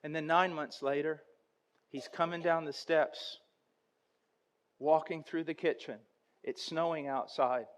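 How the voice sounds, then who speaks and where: A man preaching a sermon, telling a story dramatically and building to loud intensity. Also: fairly high pitch, fairly even intonation, a little slow, pauses often, dull audio.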